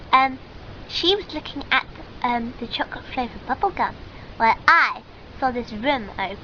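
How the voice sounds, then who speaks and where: A woman's voice: high voice, pushed and bright, dull audio, slight background noise. A woman telling a comic sketch in character, rambling and giggly, with many ums and restarts.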